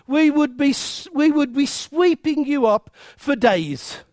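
A preacher giving a lively, emphatic sermon with humour and many rhetorical questions to the congregation. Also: high voice, slow pace, no room sound, clean studio sound.

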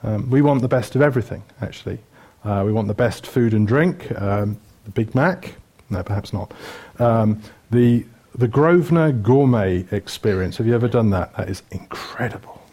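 A man's voice: fairly low pitch, moderate pace, few pauses, mellow. Chatty joking male preacher. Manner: chatty and joking, lists things with many fillers. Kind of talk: sermon.

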